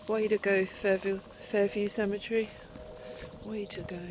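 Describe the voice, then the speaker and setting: A woman walks through cemetery grounds outdoors, narrating a travel vlog to her viewers. Her talk is reflective and soft-spoken, and now and then it sinks to a near-whisper. Steady open-air noise sits clearly behind her voice. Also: medium pitch, normal speed. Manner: reflective, soft-spoken, often drops to a hush. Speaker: travel vlogger.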